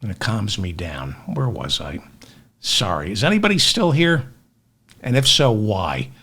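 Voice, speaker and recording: Male comic news host: bright, sharp voice, unhurried but highly expressive, sarcastic rants. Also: husky. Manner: ranting, sarcastic, self-deprecating asides. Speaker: podcast host. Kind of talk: comedic news commentary.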